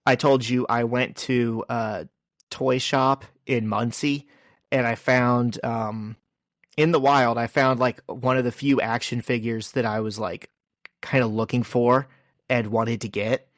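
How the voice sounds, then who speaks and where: A man co-hosting a podcast in casual chat, telling stories in a relaxed, drawn-out way with many fillers. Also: mid-range voice, dry recording, clean studio sound. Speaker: podcast co-host.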